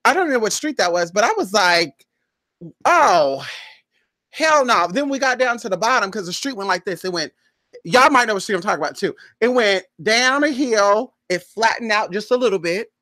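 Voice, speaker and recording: Animated, exclamatory woman telling a story. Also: medium pitch, normal speed, no room sound. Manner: animated, exclamatory, swears freely, acts out her own reactions. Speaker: spiritual vlogger. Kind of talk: casual storytelling to viewers.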